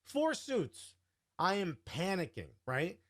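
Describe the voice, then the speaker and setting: A man guest telling an animated, casual story, full of "like" and "you know", acting out the quoted dialogue. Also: sits high, takes it slowly. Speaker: podcast guest.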